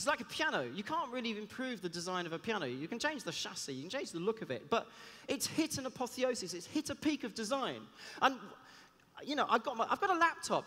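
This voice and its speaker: A man, a cellist giving a lively talk on stage, chatty and joking in asides. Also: very high-pitched. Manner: chatty, self-deprecating, jokey asides. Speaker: conference speaker and cellist. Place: large hall on stage. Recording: long reverb of a big hall.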